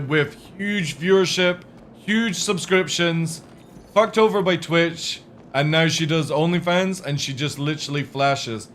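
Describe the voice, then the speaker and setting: A fairly high-voiced man talking loosely to his live chat between game sessions. He rambles from one thought to the next and swears without a second thought. A faint hum of room noise sits under his voice. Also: fairly bright tone. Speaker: game streamer. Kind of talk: casual live-stream chat.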